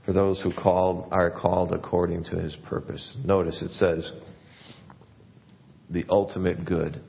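A man preaching a sermon as pastor, earnest, his voice rising and growing louder when he stresses a point. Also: deep voice, little pitch movement, a little slow, creaky, big-room sound, dull audio.

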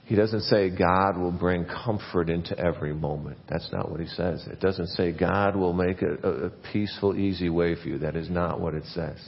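A man preaching a sermon as pastor, earnest, his voice rising and growing louder when he stresses a point. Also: low-pitched, fairly even intonation, moderate pace, gravelly, hardly any pauses, in a large hall, lo-fi sound.

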